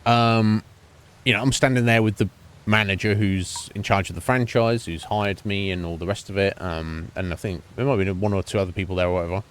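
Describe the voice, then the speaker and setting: A young man streaming, telling a profane, animated story about a coffee job and acting out the people in it. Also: on the low side, a little fast, a little hiss or hum. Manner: profane, animated ranting with voiced quotes. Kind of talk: ranting story while streaming a game.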